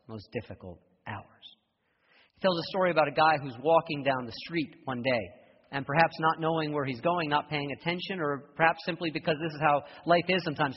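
A man's voice: mid-range voice, husky. Preacher man in a dull echoey hall. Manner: storytelling with rising intensity and soft prayerful close. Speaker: pastor. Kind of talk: sermon.

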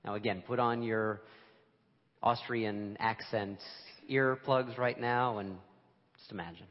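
A man's voice: on the low side, fairly even intonation, slow pace. Man, pastor, casual sermon, self-deprecating, lo-fi, reverberant church hall. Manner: conversational, self-deprecating, emphatic. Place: church sanctuary.

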